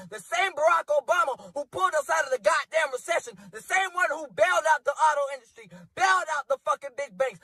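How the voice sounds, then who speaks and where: A man ranting furiously into his phone, shouting and swearing with a cracking voice while crying. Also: very high-pitched, no room sound, rough recording. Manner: screaming, profane, voice cracking. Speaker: angry voter in a viral clip.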